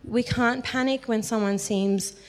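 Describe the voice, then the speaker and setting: A woman's voice: a little high, fairly even intonation, measured pace. Chatty woman preaching in a reverberant hall. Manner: earnest, chatty, frequent "like" fillers. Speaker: speaker teaching on evangelism. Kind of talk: casual sermon talk.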